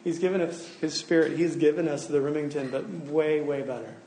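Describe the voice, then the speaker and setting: Male pastor, slightly high voice, loose chatty sermon, echoey room. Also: steady tone, brisk, mellow, slight background noise. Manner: casual storytelling with many "like" fillers.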